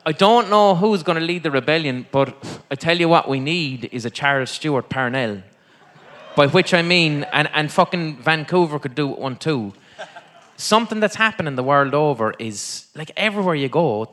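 A man's voice: a little high, fairly bright tone. An Irish man doing profane, rambling live stand-up comedy as host in a venue. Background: faint audience.

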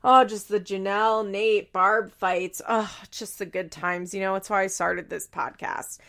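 A woman's voice: medium pitch, fairly even intonation, a little slow, fairly bright tone. A young woman hosting a podcast, casually recapping a reality show in a gossipy, swearing, chatty way. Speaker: podcast host.

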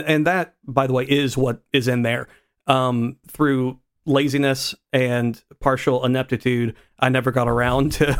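A man co-hosting a podcast in casual chat, rambling and self-deprecating, with many restarts. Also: mid-range voice. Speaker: podcast co-host.

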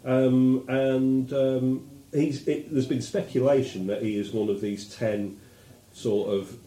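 A man's voice: mid-range voice, fairly even intonation, takes it slowly, mellow, echoey room, rough recording. A man co-hosting a casual political podcast, chatty and hesitant, with frequent fillers and laughter. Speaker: podcast co-host.

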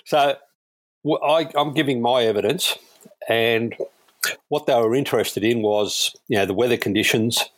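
An Australian man, a police air crewman, telling anecdotes in a relaxed, chuckling way and acting out the people he quotes. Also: medium pitch, normal speed. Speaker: guest, police airwing crewman. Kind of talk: casual storytelling.

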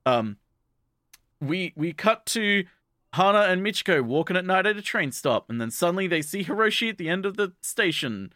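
A man's voice: high voice, lively intonation, normal speed, pushed and bright, no echo, clean studio sound. A man casually recapping an anime episode as a podcast co-host, rambling with many restarts and fillers. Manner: quotes characters in offhand voices.

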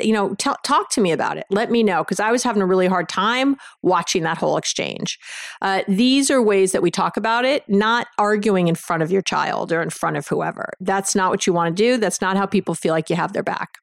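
A woman hosting a podcast who gives relationship advice in a frank, animated way, acting out quick examples and asides. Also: mid-range voice, dry recording, clean studio sound. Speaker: podcast host, relationship coach. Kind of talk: casual advice talk.

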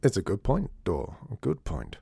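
Brief: man playing an upbeat charmer, low voice, lively delivery. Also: moderate pace, gravelly, slightly rough, no echo, studio quality, full character voice. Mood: persuasive. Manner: upbeat and persuasive. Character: eager, friendly new tenant man.

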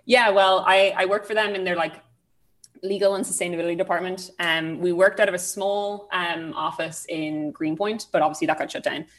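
A woman's voice: fairly low pitch, steady tone, brisk. A young woman in her twenties with an Irish accent, chatting casually as a podcast guest, self-deprecating and full of fillers. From Ireland. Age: 20s.

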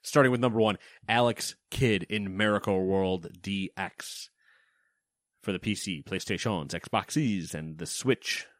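A man's voice: sits low, measured pace, no room sound, studio quality. A man co-hosting a casual gaming news podcast, joking around and reading game lists with playful emphasis. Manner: lively, jokey, reads lists with playful emphasis. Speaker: podcast co-host.

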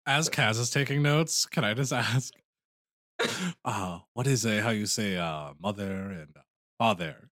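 A man's voice: mid-range voice, sing-song, measured pace, gravelly, a bit bright, no echo, clean studio sound. A man playing his character in a tabletop role-play game, goofy and feigning confusion. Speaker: player.

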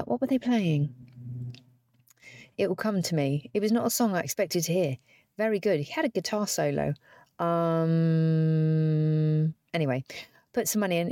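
A woman's voice: mid-range voice, darkish tone, dry recording, clean studio sound. A woman in her forties with a British accent telling a wry, chatty story on her own podcast, swearing now and then and acting out the dialogue. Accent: British English. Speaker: podcast host. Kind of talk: casual solo podcast storytelling.

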